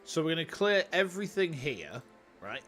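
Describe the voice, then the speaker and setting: A young Yorkshire man streams as a VTuber, rambling chattily to his viewers while playing a city-building game. His slightly high voice swings widely in pitch at normal speed, fairly bright, with soft music in the background.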